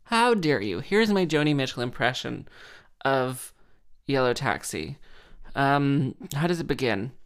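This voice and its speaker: A woman's voice: rumbling low, big pitch swings, a little slow. A woman hosting a podcast, rambling and gushing in a casual monologue full of fillers and sarcastic self-mockery.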